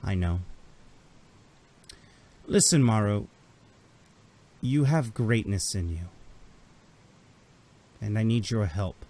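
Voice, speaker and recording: A man voicing a calm, commanding older male Imperial officer in a tabletop game, quiet and measured. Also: on the low side, full character voice.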